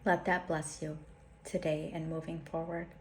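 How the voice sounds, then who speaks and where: A woman hosting a spiritual talk, reciting slow, soft devotional invocations and speaking gently in between. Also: low-pitched, level tone, slight background noise. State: emotional. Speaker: spiritual channel host. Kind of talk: spoken prayer and invocation.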